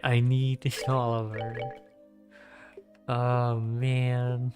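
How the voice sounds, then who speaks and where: A man streaming a video game, chatting casually and reacting playfully out loud to what happens on screen. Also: mid-range voice, a little slow. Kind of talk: casual gameplay commentary. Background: game music.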